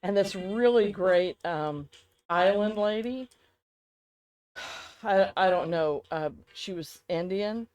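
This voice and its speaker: A woman co-hosting a loose, casual podcast conversation. She rambles from thought to thought in an animated way and laughs often. Her voice sits at an ordinary middle pitch. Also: slow pace, pauses often, rough recording. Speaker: podcast co-host. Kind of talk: casual chat.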